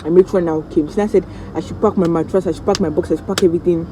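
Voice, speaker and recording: A woman's voice: lowish voice, racing, a little hiss or hum, low-quality recording. Dramatic Nigerian woman telling a story. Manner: dramatic, animated storytelling with reenacted voices. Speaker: vlogger. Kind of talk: story time vlog.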